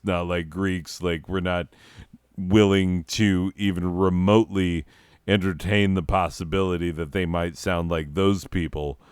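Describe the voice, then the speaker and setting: A man's voice: deep voice, clear, resonant tone, no room sound, clean studio sound. A man hosting a comedy channel, reading comedy bits in a rambling, profane way and often breaking off mid-sentence. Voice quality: profane, rambling, self-interrupting.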